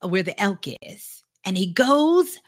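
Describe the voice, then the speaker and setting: A woman's voice: medium pitch, very animated, slow pace. A woman host telling an animal story in a casual, conversational way.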